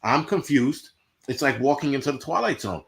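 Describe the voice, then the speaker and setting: A man's voice: medium pitch, lively intonation, normal speed, vocal fry, slight background noise. A man hosting a livestream, ranting bluntly and profanely to his chat in casual talk. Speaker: livestream host.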